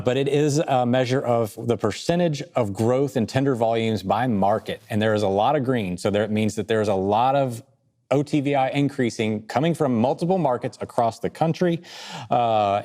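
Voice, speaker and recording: A man co-hosting a podcast, talking through market charts in a casual, quick, joking way. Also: mid-range voice. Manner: quick, joking, lively, laughs between points. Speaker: podcast co-host. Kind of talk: casual market analysis chat.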